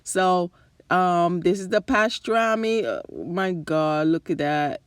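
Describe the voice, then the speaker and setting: Cooking at her home kitchen stove, a New Jersey and New York area channel host chats enthusiastically straight to viewers in a casual demo, even as she loses her voice. She speaks slowly in a fairly low, clear, resonant voice with lively intonation, recorded dry at studio quality.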